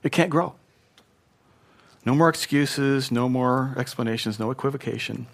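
Speaking at normal speed in a gravelly, mid-range voice, this pastor delivers an emphatic sermon. He alternates between forceful lines and hushed ones and has listeners echo words back.

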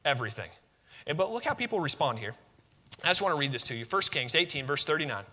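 A man's voice: fairly high pitch, very animated, fast talker, sharp tone, in a large hall. A man preaching a sermon in a conversational, emphatic way, asking rhetorical questions and adding humor.

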